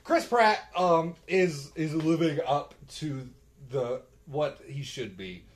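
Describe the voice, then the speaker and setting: A man's voice: on the high side, slow pace. A young man co-hosting a casual movie review chat, blunt and joking. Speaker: podcast co-host.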